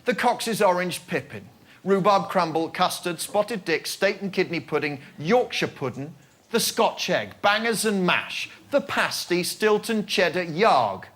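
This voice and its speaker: A man, team captain on a comedy panel show, giving a mock-pompous argument speech to a live audience and building to loud outbursts. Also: sits high, animated, a little slow. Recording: stage mic, loud audience laughter and noise.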